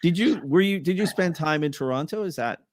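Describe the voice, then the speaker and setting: A man's voice: fairly high pitch, lively intonation, fairly quick, no echo, studio quality. A man hosting a casual video-call chat, asking questions and chiming in with short replies. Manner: eager interviewer, lots of short backchannels. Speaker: host.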